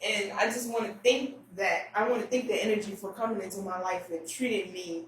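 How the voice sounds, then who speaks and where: A woman guest speaking candidly and emotionally in an interview, halting and restarting often. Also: mid-range voice, steady tone. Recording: roomy echo, distant mic, faint room noise.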